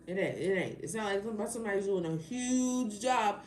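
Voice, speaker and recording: A woman's voice: mid-range voice, brisk, a little mellow. A woman who hosts a tarot live stream, ranting in a heated, exasperated and sarcastic way, firing off rhetorical questions at her viewers. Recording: roomy live-stream audio with faint background noise.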